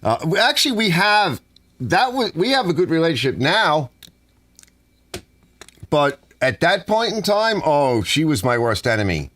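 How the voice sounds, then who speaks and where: Middle-aged male vlogger, lively pitch, wandering anecdotes full of restarts. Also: a little slow. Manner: meandering, acts out dialogue, frequent restarts. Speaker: channel host. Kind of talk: rambling personal storytelling.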